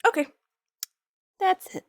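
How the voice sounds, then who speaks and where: A woman's voice: extremely high pitch, no echo, clean studio sound. A young woman chatting casually with her viewers while streaming art from home. She rambles, pokes fun at herself and laughs often. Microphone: streaming microphone.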